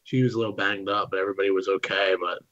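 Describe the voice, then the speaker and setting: A man's voice: low-pitched, level tone, rapid-fire, a bit bright, dull audio. A young man co-hosting a crude late-night podcast, rambling and swearing with lots of fillers. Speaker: co-host.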